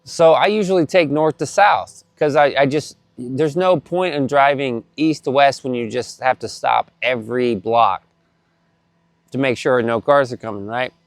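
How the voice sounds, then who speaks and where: Storyteller, adult man, mid-pitched, swears a lot, dry close sound. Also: moderate pace, dry recording. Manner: animated, profane, repeats himself. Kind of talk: casual storytelling to camera.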